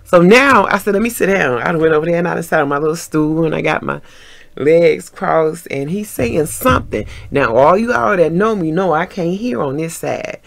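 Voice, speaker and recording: A middle-aged woman, telling a story in an animated vlog storytime, acting out what people said and laughing often. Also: on the low side, moderate pace, vocal fry. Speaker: vlogger.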